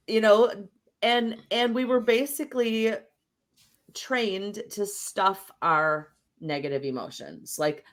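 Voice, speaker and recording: A podcast guest in a casual interview, this woman speaks in a mid-range voice and reflects aloud through an analogy, frequently checking in with "right?".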